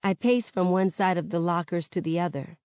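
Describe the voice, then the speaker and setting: A woman reading a novel aloud in the first person, with expressive narration. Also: on the low side, fairly quick, dry recording, dull audio. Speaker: reader of a novel. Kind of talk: audiobook-style novel reading.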